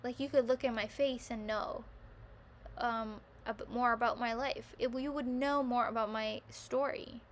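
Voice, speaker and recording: A woman in a casual vlog monologue, a bit higher-voiced than most, rambling through her thoughts with a steady stream of "like." She turns lively whenever she acts out her own inner voice. A faint hum of room ambience sits behind her. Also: moderate pace. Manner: rambling and self-reflective, heavy use of "like"; animated when quoting her own thoughts. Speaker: vlogger.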